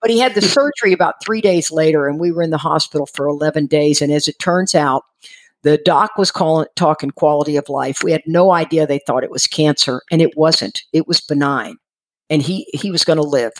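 A middle-aged woman with a low-pitched voice briskly and casually tells the story of her recovery. She's lively, laughing as she goes and acting out the voices of the people she quotes.

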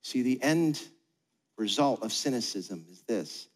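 A man's voice: mid-range voice, animated, measured pace. A man preaching a sermon as pastor, conversational, acting out quoted voices. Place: church auditorium. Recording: long hall reverb.

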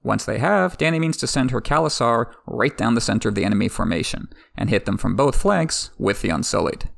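Gravelly, wry male storyteller. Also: mid-range voice, lively intonation, brisk, no echo. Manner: wry, irreverent, swears casually. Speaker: book recap narrator. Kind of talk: sarcastic story recap.

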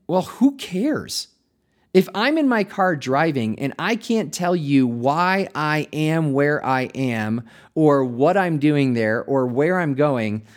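A man's voice: a little high, darkish tone. A man, a pastor, hosting a podcast with a reflective, conversational monologue, laughing lightly and restarting his words.

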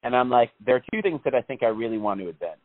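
A man's voice: mid-range voice, very animated, rapid-fire. Rambling, laughing man on a tinny line. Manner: rambling, laughing often, swearing. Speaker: podcast co-host. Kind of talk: casual chat.

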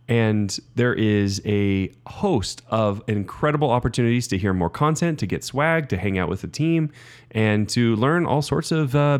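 A man casually bantering as a returning guest on a podcast, joking and slipping into silly voices. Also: mid-range voice.

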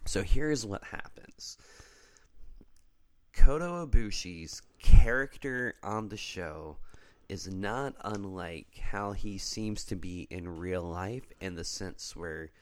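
A man's voice: deep voice, slow. A man co-hosting a casual chat, walking through a story step by step and checking in with his listener as he goes. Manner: storytelling, explains step by step with frequent "okay?" check-ins. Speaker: podcast co-host. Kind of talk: casual wrestling recap chat.

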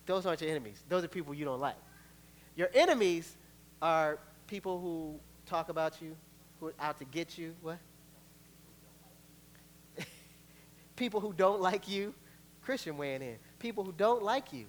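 A man preaching a sermon as pastor, conversational and animated, joking with the congregation. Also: on the high side, normal speed, long pauses, slight background noise. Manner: animated, acts out quoted voices, laughs between points.

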